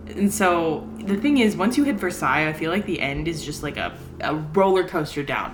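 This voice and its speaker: Chatty, excitable young woman vlogger. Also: sits low, a little hiss or hum. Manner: chatty, excitable, laughs often, rambling asides. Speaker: book vlogger. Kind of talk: casual reading vlog chat. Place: home, indoors.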